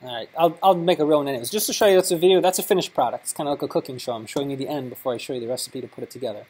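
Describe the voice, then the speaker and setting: Husky-voiced man presenting a workshop. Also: mid-range voice, racing, a little mellow, rough recording. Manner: chatty, demonstrating an app step by step. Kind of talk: conference workshop demo. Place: conference session room. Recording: live conference talk recording.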